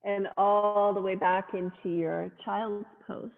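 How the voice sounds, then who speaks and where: A woman yoga instructor leads a family class with gentle, playful cues and little animal noises. She speaks slowly at a middling pitch. The sound is thin and phone-like, with a long reverb trailing behind. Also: flat delivery, gravelly.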